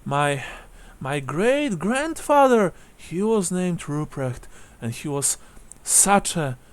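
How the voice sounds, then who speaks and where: A man's voice: a little high, big pitch swings, slow, voice pushed up. Man doing a frail fawning old widow. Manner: breathy exclaiming "oh"s, sweet and effusive.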